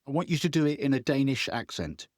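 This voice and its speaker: Playful lively host. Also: male voice, medium pitch, fast talker, no room sound. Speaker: podcast host. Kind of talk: casual football chat.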